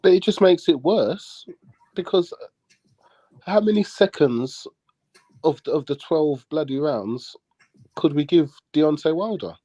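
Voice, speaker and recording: Man, blunt boxing pundit, warm dark tone. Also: fairly high pitch, lively intonation, unhurried, pauses often, no echo, dull audio. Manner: blunt, boastful. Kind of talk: casual boxing chat.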